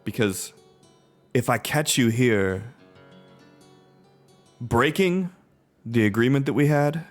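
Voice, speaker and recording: A man's voice: medium pitch, expressive, takes it slowly, long pauses, faint music behind. A man voicing a confident, stern knight who speaks in a formal, commanding way.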